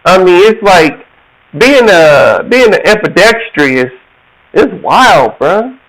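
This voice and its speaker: Man in his forties, high lively voice, slow storytelling, laughs a lot. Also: low-quality recording. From Georgia, USA. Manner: animated, laughs often, acts out quoted voices. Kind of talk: casual storytelling monologue.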